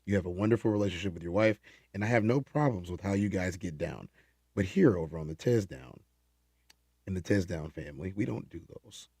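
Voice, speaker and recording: A man hosting a late-night livestream, reading chat comments in casual talk, animated and prone to repeating himself and restarting phrases. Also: deep voice, a little fast, breathy edge, dry recording, clean studio sound.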